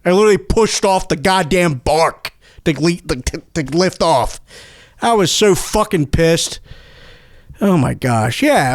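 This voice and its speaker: A man hosting a comedy show whose high voice swings widely as he rants, foul-mouthed and excitable. He stumbles and repeats himself, and the sound is dry and close. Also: a little slow, dry recording. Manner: profane, excitable, stumbling over words. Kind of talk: rambling comedic rant.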